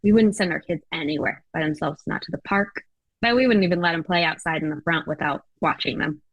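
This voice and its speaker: A woman's voice: low-pitched, a little fast, no room sound, dull audio. A woman with an American accent, a podcast guest chatting casually with lots of fillers and little laughs. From United States. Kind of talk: casual interview chat.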